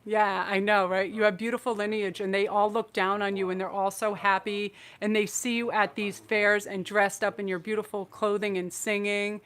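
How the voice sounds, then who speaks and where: A woman's voice: mid-range voice, little pitch movement, moderate pace, few pauses, a bit bright. Effusive woman giving a live tarot reading. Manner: effusive and emotional, rambling with restarts. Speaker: tarot reader and channel host. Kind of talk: live-streamed psychic reading.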